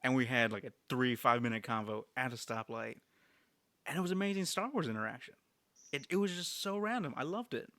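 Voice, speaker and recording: A man co-hosting a podcast, telling an animated story in a casual chat full of fillers. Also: mid-range voice, fairly quick, no echo. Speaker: podcast co-host.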